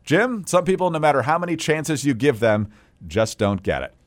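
A man co-hosting a political podcast, reading news quotes aloud in a measured, wry way and adding commentary between them. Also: a little high, sing-song. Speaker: podcast co-host.

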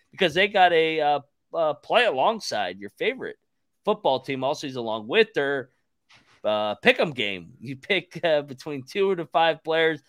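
A man's voice: on the high side, fairly bright tone, dry recording. A man hosting a casual sports talk podcast, swearing and laughing a lot. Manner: profane, laughing, rambling. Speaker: podcast host.

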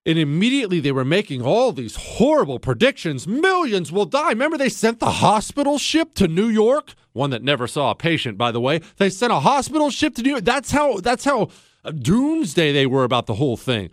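A man hosting a political commentary show, animated and sarcastic, slipping into mocking voices. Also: high voice, brisk, no room sound, studio quality. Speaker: host.

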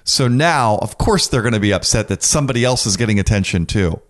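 Low-voiced wry podcast host. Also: male voice, expressive, quick pace. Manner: wry, teasing interjections. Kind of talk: casual chat.

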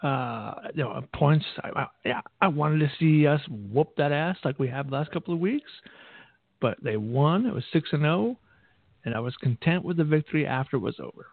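A man co-hosting a sports podcast, wry and quick to laugh. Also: on the high side, lively intonation, creaky, no room sound. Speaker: podcast co-host. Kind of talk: casual chat. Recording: dry, phone-like line.

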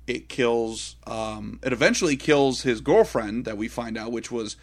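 A man co-hosting a casual movie podcast, retelling scenes in an excitable, profane way. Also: medium pitch, unhurried. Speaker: podcast co-host. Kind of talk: casual movie review chat.

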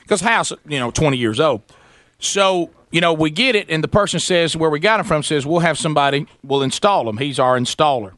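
A man's voice: on the high side, lively intonation, brisk, fairly bright tone, no room sound. A middle-aged man telling a story on a talk show, acting out both sides of the conversation. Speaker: radio show host.

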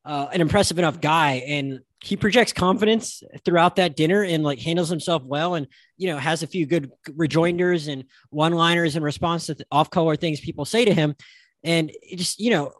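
A podcast host, a man, speaks in a rapid and slightly high voice. He rambles through his points with frequent false starts. The sound is dry and close, with no room in it. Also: dry recording. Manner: rambling, stop-start phrasing with many restarts. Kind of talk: casual film discussion.

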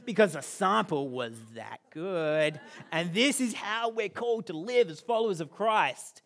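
Animated pastor preaching a sermon. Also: male voice, sits high, moderate pace, few pauses. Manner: animated, swinging from loud emphasis to near-whisper.

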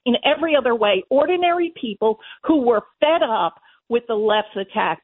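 A woman calling in as a policy advisor guest, firm and indignant as she defends her view. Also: fairly high pitch. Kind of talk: political talk radio guest. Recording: tinny phone line.

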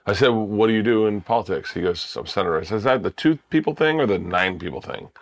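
A middle-aged man, a comedian guest, telling rambling, excitable anecdotes in casual chat. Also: on the low side, quick pace.

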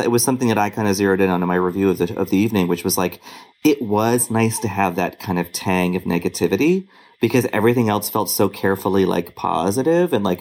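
A man's voice: fairly low pitch, darkish tone. A man co-hosting a podcast, thinking aloud hesitantly with lots of fillers. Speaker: podcast co-host. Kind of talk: casual chat.

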